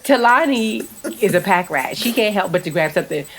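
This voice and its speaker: A woman co-hosting a podcast, telling a family story in a lively, laughing way. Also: medium pitch, brisk, very noisy. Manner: animated storyteller, laughs often. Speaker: podcast co-host. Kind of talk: casual storytelling chat.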